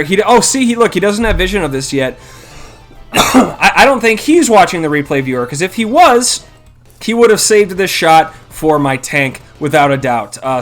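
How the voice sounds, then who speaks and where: A man's voice: on the high side, fairly bright tone. A man casually commentating his own strategy game, thinking aloud and criticizing his own moves. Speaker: gameplay commentator.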